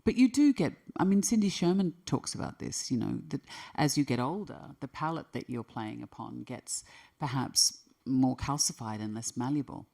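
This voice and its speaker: A woman's voice: extremely low pitch, expressive, normal speed, creaky, warm tone. A woman in her fifties, an actress answering interview questions in a thoughtful way, often restarting her phrases. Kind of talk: conversational interview.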